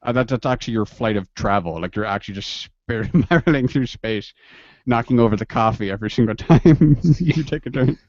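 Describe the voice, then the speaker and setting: A man's voice: mid-range voice, a little fast, darkish tone, dry recording, muffled recording. A man chatting casually with a friend while playing a game, joking and rambling with frequent laughs.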